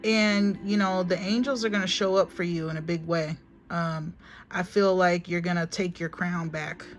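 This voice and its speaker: A woman's voice: lowish voice, fairly even intonation, normal speed, faint music behind. Chatty woman giving a spiritual reading. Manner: chatty, repetitive, emphatic, often addresses viewers as honey. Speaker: spiritual reader. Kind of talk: casual spiritual reading to camera. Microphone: phone.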